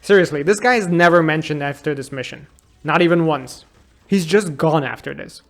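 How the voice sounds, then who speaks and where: A man in his thirties with a notably high voice, narrating a funny look back at a game he loved as a kid. He sounds sarcastic and exasperated, often mocking the plot in disbelief. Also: moderate pace, vocal fry. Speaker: YouTube game reviewer. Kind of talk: comedic game retrospective narration.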